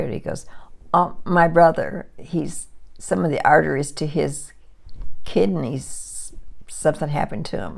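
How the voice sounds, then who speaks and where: Woman in her sixties, low voice, gravelly texture, rambling casual storytelling, restarts sentences. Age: 60s. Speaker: vlogger.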